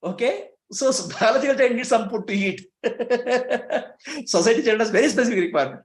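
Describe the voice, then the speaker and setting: A male spiritual teacher, expressive and at a normal speed, talks to his listeners in an echoey room. His pitch rises and falls freely while he asks rhetorical questions and chuckles between points.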